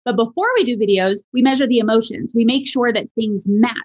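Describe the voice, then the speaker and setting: A woman guest on a podcast, talking casually and animatedly about voice and charisma, swooping high at times to demonstrate. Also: brisk. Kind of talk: casual interview chat.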